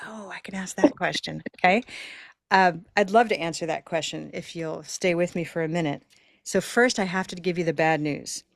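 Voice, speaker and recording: A woman with a lowish voice leads a live online pronunciation class in an upbeat, encouraging, chatty way. She speaks through a computer microphone in a very dry, close sound. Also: no echo. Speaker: pronunciation teacher hosting a live online session.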